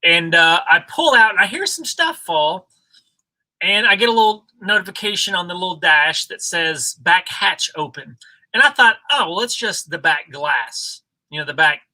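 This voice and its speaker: A man co-hosting a casual livestream, talking in a relaxed, rambling way with many fillers. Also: high voice, normal speed, low-quality recording. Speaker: co-host of a reselling livestream.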